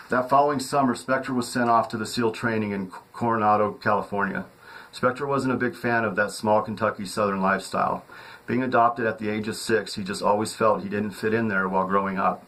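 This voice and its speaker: A man with a fairly low voice narrates his own novel as an audiobook. His reading is steady, with occasional slips and restarts. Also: fairly quick, rough recording.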